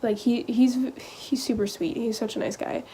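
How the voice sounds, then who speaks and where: A teenage girl vlogging, telling a personal story in a halting, casual way full of "like" and "um.". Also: a little high, steady tone, dark tone, slight background noise. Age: teens. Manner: hesitant, halting, heavy use of "like" and "um".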